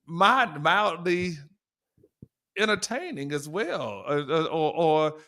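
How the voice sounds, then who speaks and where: A man's voice: a little high, animated, slow pace, sharp tone. A man co-hosting a podcast in casual chat, laughing often and playfully mimicking voices. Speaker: podcast co-host.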